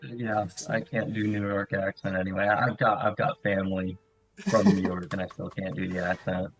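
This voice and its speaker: A man's voice: sits low, little pitch movement, normal speed, faint music behind, rough recording. A man playing a tabletop role-playing game, asking about rules and jumping into a mock-polite in-character voice. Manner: curious, jokey, slips into a mock-posh character voice. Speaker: player.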